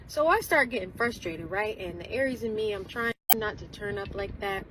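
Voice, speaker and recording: A woman's voice: medium pitch, moderate pace, hardly any pauses, fairly bright tone, slight background noise, low-quality recording. A young woman chattily recounting a story, peppered with "like" and quoted exchanges. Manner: chatty, tells it with lots of "like" and quoted dialogue. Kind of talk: casual storytelling in a clip.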